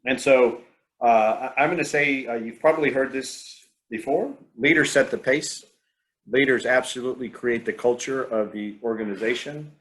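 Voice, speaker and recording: A man presenting on leadership at an online meeting, voice of middling pitch. He talks in a hesitant, halting way, with frequent fillers and restarts as he tells a story. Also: a bit bright.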